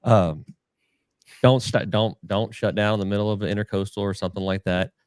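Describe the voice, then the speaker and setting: A man with a low, smooth voice rambles through his advice, restarting his sentences and playing down his own expertise. He is a fishing captain in a casual podcast chat. His voice sounds dry and close. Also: fairly even intonation, brisk, darkish tone, no echo. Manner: rambling, self-deprecating, many restarts.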